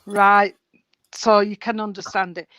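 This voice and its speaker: A woman's voice: medium pitch, little pitch movement, a little slow, a bit bright, no room sound, low-quality recording. A woman working as a spiritualist medium, chatty and rambling, calling people sweetheart and darling as she gives a reading over a video call. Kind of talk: live mediumship reading at an online service.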